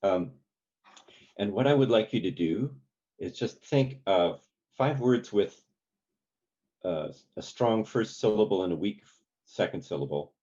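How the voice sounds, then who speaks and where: A man leading a community songwriting workshop, talking in a relaxed, halting way with many ums and sung examples. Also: on the low side, slightly rough, lo-fi sound. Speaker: songwriting teacher.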